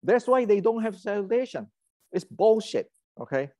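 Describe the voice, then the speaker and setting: A man's voice: high-pitched, sing-song, normal speed, mellow, no echo. Heated man. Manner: heated, ranting, many restarts and fillers. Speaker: martial arts channel host. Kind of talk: casual lecture.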